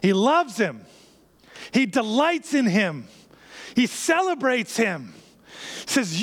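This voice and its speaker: High-voiced man preaching a sermon. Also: sing-song, slow pace. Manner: emphatic, repeats key phrases, drops to a hushed near-whisper. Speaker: pastor.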